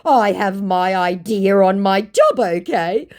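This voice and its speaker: A woman's voice: medium pitch, lively intonation, slow pace, voice pushed up. A woman mimicking a whiny, indignant male scammer. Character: indignant clueless adult male online scammer.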